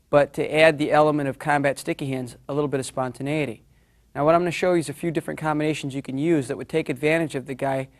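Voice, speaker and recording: A man teaching martial arts, casually explaining drills while demonstrating them. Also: a little high.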